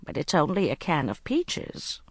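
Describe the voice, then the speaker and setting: An audiobook narrator reading the lines of a calm, stubborn elderly woman spy who speaks steadily. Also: sits low, a little slow, no room sound, studio quality, exaggerated voice. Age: older.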